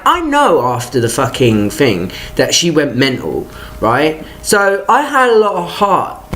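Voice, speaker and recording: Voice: medium pitch, fairly bright tone, slight background noise. Exasperated vlogger ranting, swearing freely. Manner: profane, exasperated storytelling; talks in stop-start bursts with restarts. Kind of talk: ranting personal vlog.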